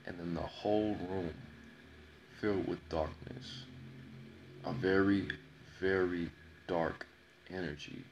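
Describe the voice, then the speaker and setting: A very deep, gravelly male voice tells a personal story at an unhurried pace. He leans on repetition and lets pauses hang for dramatic weight. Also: fairly even intonation, muffled recording, a little hiss or hum. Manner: slow, dramatic telling with repeated phrases and pauses. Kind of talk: personal story told to camera.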